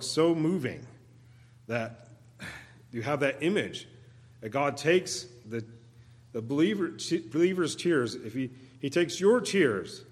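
A man delivers a sermon in a deliberate, unhurried way, his voice sitting at an ordinary middle pitch. He builds into loud, pleading cries when quoting the psalms, then drops back to a quieter tone. His words trail into the long echo of a church sanctuary. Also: expressive. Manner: occasional restarts and repeated words. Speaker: guest preacher.

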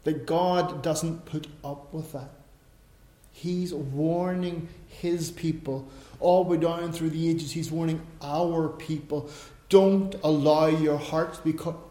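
Male preacher, high voice, swings from quiet asides to loud stresses, echoey room. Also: steady tone, takes it slowly. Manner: conversational, tells personal anecdotes. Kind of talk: sermon. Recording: roomy echo.

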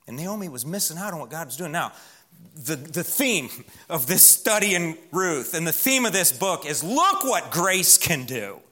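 Bright-voiced emphatic man preaching. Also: a little high, big pitch swings. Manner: emphatic, slows and drops to a hush for key words. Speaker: pastor. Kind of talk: sermon. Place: church.

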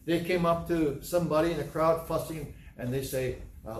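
A man's voice: fairly high pitch, normal speed, a little hiss or hum. Brief: male pastor, conversational sermon with acted-out scenes, echoey room. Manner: conversational, acts out scenes in different voices.

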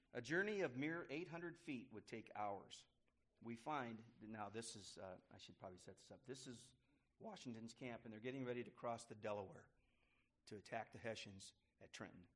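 A man reading a history story aloud to listeners, pausing to explain and correcting himself as he goes. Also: medium pitch. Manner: pauses to explain and restart phrases.

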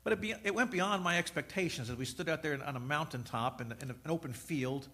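Male pastor, middle-aged, high voice, storytelling sermon with loud peaks and quiet asides. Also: quick pace. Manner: storytelling, swings from loud preaching to soft asides.

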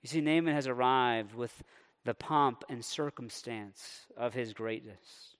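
A man preaching a sermon, animated and conversational, sometimes voicing a character's indignant thoughts. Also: mid-range voice, a little slow, clear, resonant tone. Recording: long hall reverb.

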